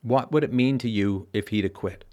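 A man's voice: lowish voice, normal speed, darkish tone. A man hosting a call-in advice show, lecturing emphatically and asking probing questions.

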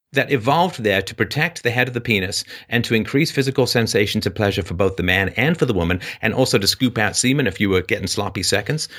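A male call-in host argues with a caller, lecturing hard, interrupting, and leaping up in pitch to drive his points home.

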